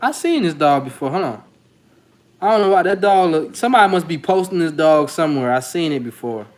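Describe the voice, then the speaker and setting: A man hosting a dog-breeding video channel, speaking in a loose, slangy, rambling way. His voice sits a little higher than most men's. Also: lively intonation, fairly quick. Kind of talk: casual vlog commentary.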